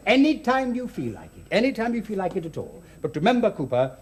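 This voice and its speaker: A man's voice: sits high, sing-song, fast talker. A man playing a pompous, overbearing restaurant manager in a TV comedy sketch. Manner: pompous, instructing. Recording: TV studio audience and background noise.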